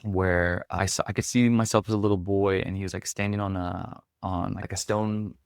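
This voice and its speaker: A man with a fairly low, gravelly voice talks as a podcast guest, recounting his experience in a reflective, candid way. His speech is loose and filled with casual fillers. The sound is dry and close, with no room echo. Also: fairly even intonation, moderate pace. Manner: reflective, heavy use of filler words. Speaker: podcast guest, performance coach. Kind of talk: candid conversational storytelling.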